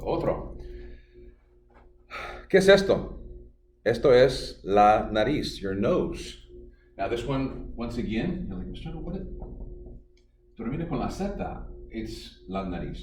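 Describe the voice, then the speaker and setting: A man's voice: mid-range voice, darkish tone. Playful teacher man in an echoey room. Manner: playful, jokey, repeats words slowly for students. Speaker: Spanish teacher. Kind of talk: remote classroom lesson. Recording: echoey room, from far off, faint music.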